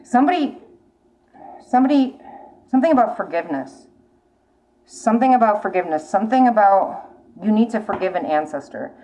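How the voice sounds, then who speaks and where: A woman's voice: mid-range voice, expressive, fairly quick, long pauses, dark tone, dull audio. Blunt, profane woman tarot reader. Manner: blunt, profane, urgent warnings with repetition. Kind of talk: casual spoken tarot reading.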